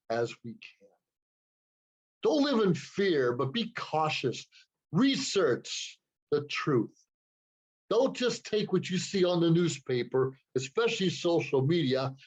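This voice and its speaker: A man's voice: on the high side, darkish tone, breathy edge, muffled recording. A man hosting his own show, talking alone to the camera in an earnest, moralizing way, often repeating a word as he gathers his thoughts. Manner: earnest, moralizing, repeats words while thinking. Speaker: show host. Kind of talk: preachy solo talk to camera. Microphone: computer camera.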